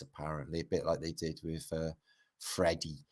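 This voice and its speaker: A man's voice: very deep voice, moderate pace, darkish tone. A middle-aged man, rambling and swearing through a casual livestream chat as its host. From Britain.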